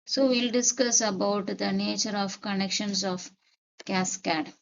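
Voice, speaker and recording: Gravelly-voiced woman teaching a lesson. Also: medium pitch, fairly even intonation, muffled recording. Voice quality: repeats key points deliberately. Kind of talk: step-by-step lecture.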